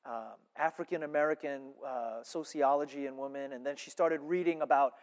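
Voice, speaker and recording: A male pastor preaching a sermon, animated, swinging between loud emphasis and hushed asides. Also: medium pitch, moderate pace. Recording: reverberant church hall.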